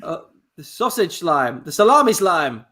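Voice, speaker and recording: A man's voice: fairly high pitch, very animated, unhurried, bright, forceful tone. A man improvising a comedy scene, fumbling and hesitating through a guessing game.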